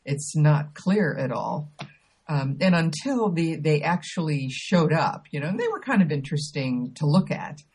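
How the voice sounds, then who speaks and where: A woman co-hosting a podcast in casual chat, talking with many pauses, ums and restarts. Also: deep voice, lively intonation, darkish tone, slightly rough. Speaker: podcast co-host.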